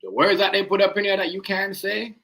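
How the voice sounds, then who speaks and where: A man's voice: high-pitched, fairly even intonation, fairly quick, vocal fry, sharp tone, rough recording. A man hosting a live stream, rambling in casual slang and often asking "you know what I mean".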